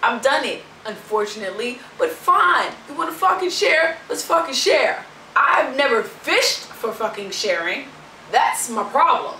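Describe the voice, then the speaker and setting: A woman's voice: sits high, very animated, unhurried, sharp tone, echoey room, distant mic, slight background noise, low-quality recording. A young woman vlogger telling a story in a brash, sassy, profane rant.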